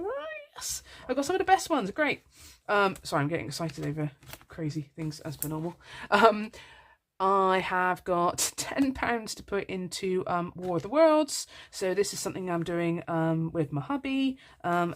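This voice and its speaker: A woman chatting in a casual budgeting vlog, bubbly and apologetic, with lots of ums. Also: fairly low pitch. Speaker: budgeting vlogger.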